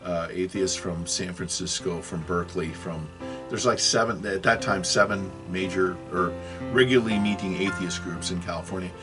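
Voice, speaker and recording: A man in his sixties gives a rambling religious video lecture in a low voice at normal speed, with music playing underneath. He often loses his thread, corrects himself, and drops apologetic asides.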